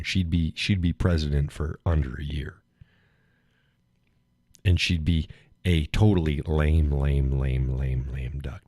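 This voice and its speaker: A man with a low, husky voice chats casually on his live stream. He rambles in a folksy way and chuckles often, and his voice sounds close and dry with no room echo. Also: a little mellow. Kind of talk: casual chat with chat viewers.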